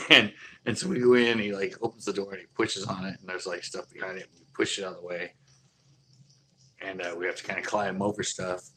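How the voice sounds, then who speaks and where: A man's voice: deep voice, steady tone, brisk, pushed and bright, a little hiss or hum. A man telling a long casual anecdote, rambling with many fillers and chuckling as he goes. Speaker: storyteller.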